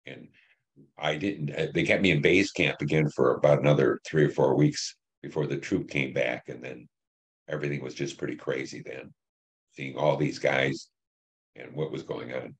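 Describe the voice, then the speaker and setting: An older man in his seventies, a veteran from Detroit, telling war memories in an interview, plain and halting with many fillers. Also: rumbling low, fairly even intonation. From Detroit, Michigan. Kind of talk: oral history interview.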